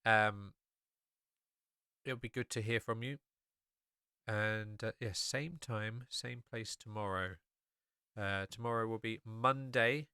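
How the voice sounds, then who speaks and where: Guy hosting his podcast, bright clear voice, lots of ums, dry close sound. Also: lowish voice, fairly even intonation, slow, long pauses, no room sound. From England. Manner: rambling, many fillers and restarts. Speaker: podcast host. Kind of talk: casual solo podcast talk.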